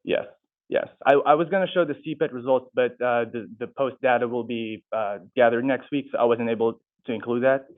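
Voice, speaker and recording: A young man, a student, answering audience questions after his talk, halting and often restarting his sentences. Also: mid-range voice, fairly even intonation. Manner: halting, restarts and corrects himself. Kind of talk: unscripted Q&A answers. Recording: tinny, phone-like sound.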